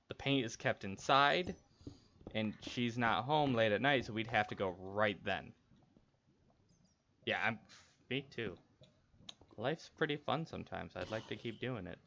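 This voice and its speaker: A lowish, bright, forceful voice with vocal fry comes from a young man speaking at a measured pace as he streams. He tells a personal story casually while gaming, rambling candidly and restarting many times, in dull lo-fi stream audio with faint noise.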